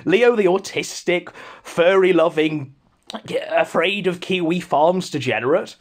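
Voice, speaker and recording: A man's voice: high voice, unhurried. A man hosting a podcast, ranting in a mocking, scornful way. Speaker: podcast host. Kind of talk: casual ranting commentary.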